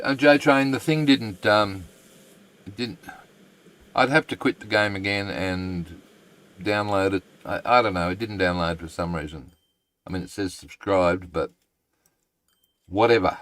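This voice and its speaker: A man streaming a game live, thinking aloud in a halting, rambling way and chatting to his viewers. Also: deep voice, no room sound.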